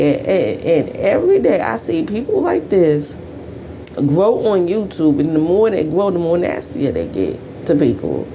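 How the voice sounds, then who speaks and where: A woman rants bluntly and profanely in YouTube commentary. Her voice is gravelly and mellow, and its pitch swings widely between low mutters and sharp high bursts. She records at home, with faint noise behind her. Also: sing-song, normal speed. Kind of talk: ranting commentary.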